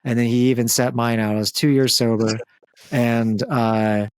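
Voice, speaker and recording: Young male podcast host, casual and joking, lots of fillers, medium pitch, dry close sound. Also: flat delivery, normal speed, smooth, no echo. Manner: joking, loose, frequent fillers and profanity. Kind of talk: casual comedic chat.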